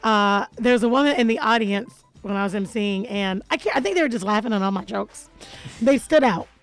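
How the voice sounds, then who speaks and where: A woman's voice: mid-range voice, fairly quick, soft background music, rough recording. A woman hosting a radio show in a studio, chatting casually and playfully, joking and laughing often.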